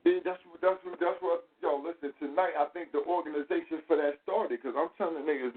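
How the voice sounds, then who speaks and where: A man's voice: a little high, a little fast, hardly any pauses, slightly rough. A man telling a story in a casual, profane way, acting out quotes in a raised voice. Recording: phone-like line with faint noise.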